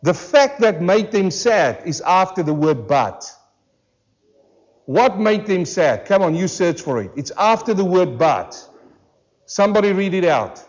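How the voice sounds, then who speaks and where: High-voiced man preaching in church. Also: sing-song, muffled recording. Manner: emphatic, with rhetorical questions and slowed, drawn-out stresses. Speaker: pastor. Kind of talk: sermon. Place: church service.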